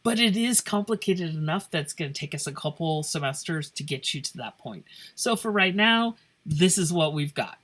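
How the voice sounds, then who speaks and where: A woman's voice: low-pitched, expressive, moderate pace, hardly any pauses, fairly bright tone. A woman teaching a math lesson in a playful, joking way, thinking aloud as she works through problems. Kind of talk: casual classroom lesson. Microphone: phone camera over paper.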